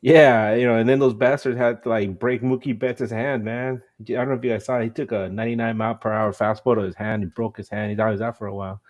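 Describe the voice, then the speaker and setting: A man co-hosting a casual sports podcast, telling a sports story with animated chatter. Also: medium pitch, fast talker, few pauses. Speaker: podcast co-host.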